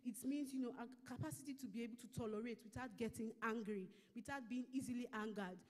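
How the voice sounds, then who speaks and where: A woman with a Nigerian English accent teaches a Bible lesson in a steady, explanatory way. She slows down when reading verses aloud. Her voice is somewhat high but mellow, with a long reverb from the hall around her. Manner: measured, explanatory, reads scripture slowly. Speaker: church minister teaching a lesson. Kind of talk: sermon-style Bible teaching.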